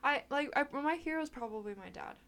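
A woman's voice: high-pitched, lively intonation, fast, a bit bright. A young woman co-hosting a podcast, chatting casually in a playful, giggly way. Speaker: podcast co-host. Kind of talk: casual chat.

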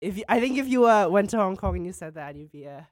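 A young woman in a casual chat, blunt and plain-spoken, trailing off quietly at the ends of lines. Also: mid-range voice, animated, fast, no room sound, studio quality. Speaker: podcast co-host.

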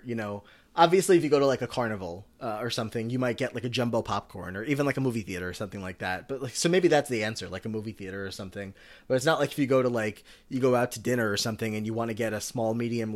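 A man co-hosting a podcast, chatting casually and rambling with lots of filler words. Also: medium pitch. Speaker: podcast co-host. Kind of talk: casual recap chat.

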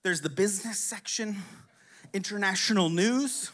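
A man's voice: high-pitched, moderate pace, a bit bright. A man casually telling a crude, rambling story to a live audience, constantly checking in with his listeners and chuckling between lines.

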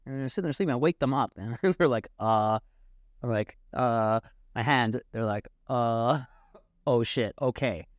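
A young man telling a story in a casual, animated way, swearing and acting out the people he quotes. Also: mid-range voice, no room sound, clean studio sound. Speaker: podcast guest.

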